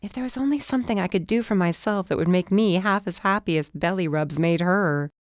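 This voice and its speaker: A woman giving first-person audiobook narration, lively and rising in pitch when the dialogue turns heated. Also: fairly quick, no room sound, studio quality.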